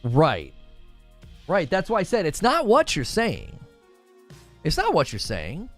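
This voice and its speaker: Soft music plays behind this gaming commentary host, whose fairly bright, slightly high voice swings hugely in pitch as he speaks slowly. Answering his live chat casually, he makes his case with animation and frequently starts sentences over.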